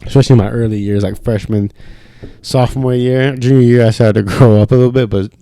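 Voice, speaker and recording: A young man rants in a studio podcast, cursing nonstop and sounding fired up in loose, casual talk. His medium pitch holds a steady tone at a quick pace, dark-toned and free of room sound.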